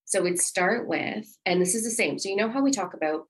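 A woman's voice: medium pitch, a little fast, breathy edge, poor audio. A middle-aged woman co-hosting a casual talk from her home office, speaking in a rambling, affectionate way. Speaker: podcast co-host. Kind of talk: casual conversation about parenting.

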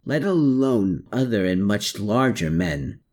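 A man's voice: lowish voice, animated, slow pace, a little mellow. A man playing a skeptical, earnest army captain. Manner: questioning, insistent.

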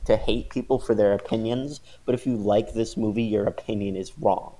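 A man's voice: on the low side, steady tone, normal speed, mellow. A man hosting a podcast, chatting casually and sarcastically about a movie and reading reviews aloud with frequent laughs. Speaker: podcast host.

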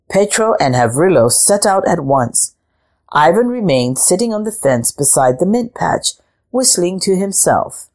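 Storybook narrator, woman, unhurried with a lively melody. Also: lowish voice. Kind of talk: picture book read-aloud.

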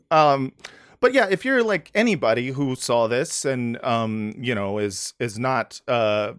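A man hosting a comedy podcast, talking in a sarcastic, rambling way with many fillers. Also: mid-range voice. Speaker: podcast host. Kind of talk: casual comedic podcast chat.

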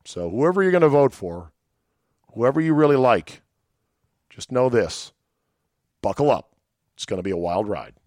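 A man's voice: big pitch swings, moderate pace, pauses often, darkish tone, no room sound, clean studio sound. Sardonic man hosting a podcast. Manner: sardonic, mock-dramatic asides with sudden pitch jumps; profane and conversational. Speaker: podcast host. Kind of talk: solo podcast monologue.

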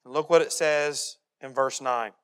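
A male pastor preaching a sermon, animated, and often acting out the voices of the people he quotes. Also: medium pitch, a little slow, smooth. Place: church.

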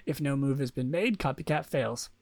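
A man's voice: mid-range voice, normal speed, dry recording. A young man hosting a casual solo podcast, rambling with many fillers and restarts. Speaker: podcast host.

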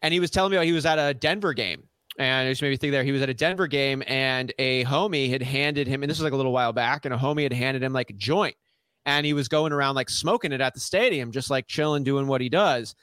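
A man's voice: mid-range voice, fast talker, a bit bright, clear, resonant tone, no room sound. A man, co-hosting a podcast, tells a story in casual chat, acting out the quotes and laughing often. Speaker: podcast co-host.

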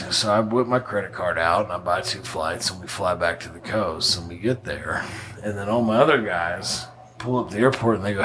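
A man's voice: fairly low pitch, lively intonation, moderate pace, a crowd in the background. A man telling a long story in casual podcast chat, blunt and profane, laughing at his own bad luck. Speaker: podcast guest.

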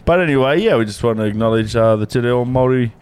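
A man's voice: medium pitch, fast, a little mellow, clean tone. A man co-hosting a casual podcast, easygoing and laughing often. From Australia. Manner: easygoing, laughs and says mate a lot. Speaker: podcast co-host.

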